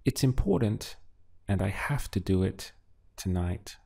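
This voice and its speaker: A man teaching a beginner language lesson, asking patient prompts and then giving clear model answers. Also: lowish voice, expressive, measured pace, mellow. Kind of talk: slow, deliberate language lesson with pauses.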